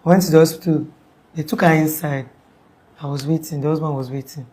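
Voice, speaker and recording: A woman's voice: sits low, steady tone, fast, mellow. A young Nigerian woman giving a rambling, conversational interview account, full of "like" fillers and restarts. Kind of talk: casual spoken account.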